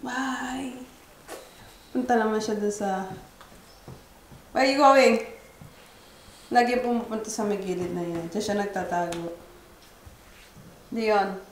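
A woman's voice: mid-range voice, fairly even intonation, measured pace, pauses often. A Filipino woman in her thirties coaxing her baby in a playful baby-talk vlog, switching between English and Filipino. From Philippines. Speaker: vlogger and mother. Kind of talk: casual family vlog. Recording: roomy home room, faint noise.

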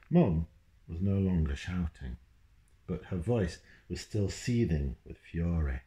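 A man's voice: a bass voice, lively intonation, measured pace, darkish tone. A man, a children's author, reading his book aloud at home and stopping now and then to talk to his dog. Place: at home, indoors. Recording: roomy echo.

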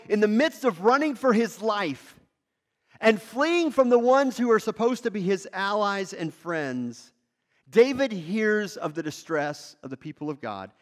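A male lead pastor preaching a sermon in a conversational, animated way, with wide swings in pitch and loudness.

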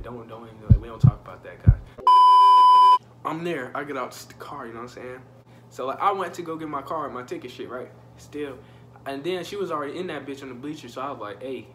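A young man with a slightly high voice tells a crude, slangy story for his casual vlog, joking right at his viewers. There's a bit of background noise.

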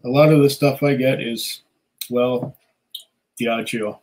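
A man's voice: mid-range voice, fairly even intonation, slow, darkish tone, rough recording. A man hosting a casual live stream, chatting loosely with many fillers and small laughs while reading viewer comments. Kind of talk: casual chat.

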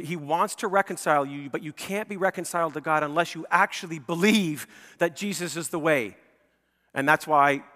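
A long church reverb fills the sanctuary as a male pastor, his voice fairly bright and medium in pitch, delivers a conversational sermon. He keeps checking in with "okay?" and "right?" and rises to pleading, emphatic high points.

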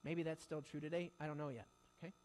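High-voiced man preaching a lively sermon. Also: quick pace, rough recording. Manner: animated storytelling, acting out quoted voices. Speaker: pastor. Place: church sanctuary.

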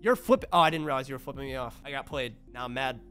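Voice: mid-range voice, fast talker, a bit bright. A streamer chatting casually on stream, laughing often and swearing playfully. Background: faint lo-fi music.

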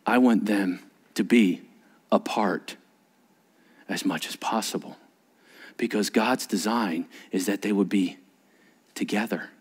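A man preaching a sermon as a pastor, telling stories with animated delivery and acting out little voices. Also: fairly low pitch, slow, pauses often. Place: church sanctuary.

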